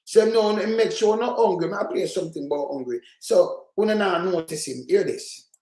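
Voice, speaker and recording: Jamaican Patois male commentator, high voice, furious, swearing, echoey room. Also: normal speed, darkish tone. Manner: heated, profane, scolding rant. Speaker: political commentator. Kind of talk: reaction commentary on played clips.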